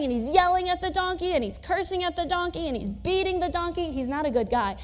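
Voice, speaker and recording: A woman's voice: extremely high pitch, fairly quick, few pauses. A young woman preaching a sermon in a casual, conversational storytelling manner with touches of humor, recorded in a church. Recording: long church reverb.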